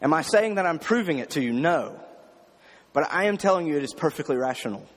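A man's voice: on the high side, lively intonation, brisk, in a large hall. A man preaching a sermon, emphatic, repeating his phrases and asking rhetorical questions. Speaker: pastor.

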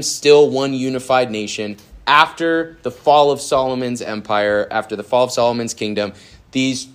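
A young adult man giving a youth sermon in a casual, animated way, with many fillers. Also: mid-range voice. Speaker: youth pastor.

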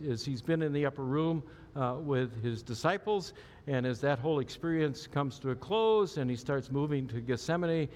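A man's voice: medium pitch, darkish tone. A man preaching a sermon as pastor, conversational and often asking the audience questions. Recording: long hall reverb.

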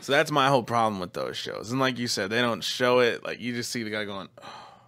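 A man's voice: mid-range voice, expressive, a little fast, sharp tone. A man hosting a podcast, chatting in a loose, profane, laid-back way. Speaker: podcast host. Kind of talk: casual chat.

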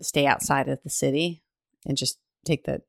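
Animated woman storyteller, fry in her voice, dry close sound. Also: extremely low pitch, normal speed, dry recording. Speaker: flight attendant. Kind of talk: casual podcast storytelling.

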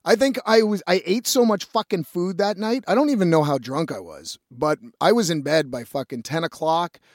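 A man's voice: on the high side, animated, normal speed, no room sound, clean studio sound. A male musician telling a rambling story in a casual monologue, swearing often and laughing as he goes.

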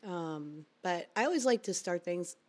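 A woman with a raspy, hoarse voice after the flu, chatting playfully and openly as a podcast guest in a home office. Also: fairly low pitch, lively intonation, normal speed, a little mellow. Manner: playful, open, laughs easily. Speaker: guest, host's wife. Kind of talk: casual podcast chat. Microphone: studio mic with headphones.

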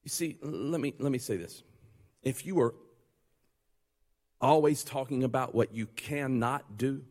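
A male pastor preaching a sermon, joking and conversational, then building to loud, fervent passages. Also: mid-range voice, unhurried, big-room sound.

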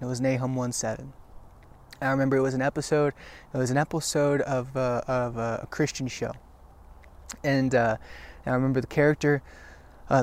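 A man speaks to camera in an earnest, encouraging devotional talk, his voice sitting at an ordinary middle pitch. He leans on repetition for emphasis and often breaks off to restart his sentences. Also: gravelly. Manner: halting with frequent restarts. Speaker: Christian video teacher.

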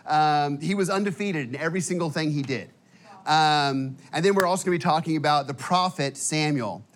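A man preaching a sermon in a church, energetic and casual, with many fillers and restarts, sometimes emotional. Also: a little high, fairly quick. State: emotional at times. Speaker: guest preacher. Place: church auditorium.

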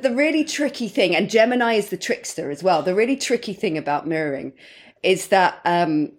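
A woman with a fairly low voice co-hosts a relaxed astrology podcast. She rambles through her ideas in a loose, chatty way and laughs often between thoughts. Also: a little fast. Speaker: podcast co-host. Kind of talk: casual astrology chat.

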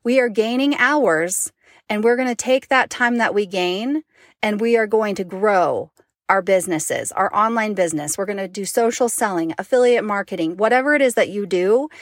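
A woman's voice: medium pitch, normal speed, no room sound, clean studio sound. A woman in her thirties from Utah, talking straight to her viewers in a chatty, emotional personal vlog. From Utah, United States. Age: 30s. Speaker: mom vlogger and online business owner.

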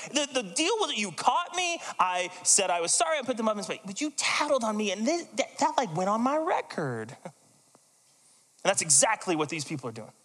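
Male pastor, high and very animated, casual sermon storyteller, reverberant hall. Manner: animated, conversational, acts out quoted voices.

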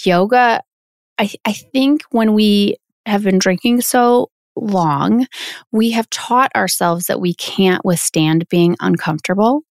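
A woman chatting as a podcast guest from her home closet, talking openly and acting out quoted lines in lively voices. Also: medium pitch, slow pace, no echo, clean studio sound. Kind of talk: casual conversational interview.

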